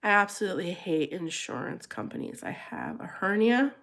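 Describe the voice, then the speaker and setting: With vocal fry and a moderate pace, a middle-aged livestream host chats casually and laughs frequently. She's lively throughout, and her voice jumps high and squealy when she repeats her own words.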